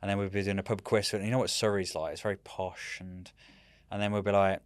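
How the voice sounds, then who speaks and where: A man in his thirties, a military veteran guest, telling rambling, animated stories in casual chat and often saying "mate". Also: sits low, quick pace, clear, resonant tone, no room sound. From United Kingdom.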